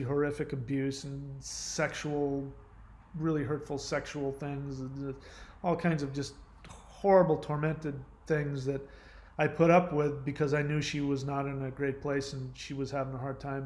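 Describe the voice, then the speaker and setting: A man hosting his channel, telling a long, emotional personal story in a rambling way with many fillers and restarts. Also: fairly high pitch. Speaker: channel host.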